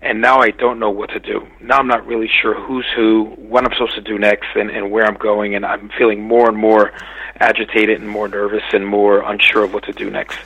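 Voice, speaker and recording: Gravelly, hesitant man recounting a dream. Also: on the low side, level tone, fairly bright tone, dull audio. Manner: hesitant, halting with many restarts and fillers. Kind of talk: casual spoken recounting.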